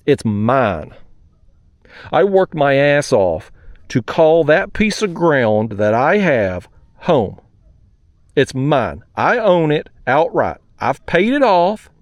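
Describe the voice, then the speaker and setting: A man hosts a fishing vlog from his kayak, ranting through a story with plenty of cussing. His voice sits fairly high and swings widely in pitch, and the sound is dry and close. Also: big pitch swings, takes it slowly, no room sound, muffled recording. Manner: fired-up, profane, ranting. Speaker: fishing channel host.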